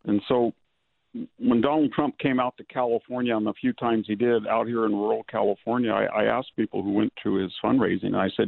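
A male guest, speaking by phone, in a measured manner, laying out long lists of examples. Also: fairly low pitch, fairly even intonation, gravelly, no room sound. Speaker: guest commentator. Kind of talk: political interview over the phone. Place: home in rural California. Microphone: telephone. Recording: tinny phone line.

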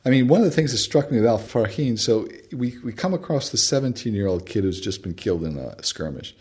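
A man's voice: fairly low pitch, animated, fairly quick, a little mellow. A male anthropologist, a guest on a radio interview, telling stories animatedly with frequent fillers and restarts. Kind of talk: casual radio interview storytelling.

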